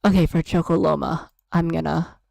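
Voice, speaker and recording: This woman streams from her room on a USB desk mic, chatting casually, giggling, rambling and drifting into filler. She has a deep, gravelly, slightly mellow voice with fairly even intonation at a moderate pace, and the sound has no echo.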